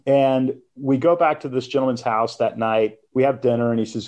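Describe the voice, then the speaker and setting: A middle-aged man speaks at a middle pitch as an interview guest. He tells his story with animation, acting out quoted voices and laughing between lines. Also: normal speed, a little mellow, dull audio. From United States. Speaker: guest author.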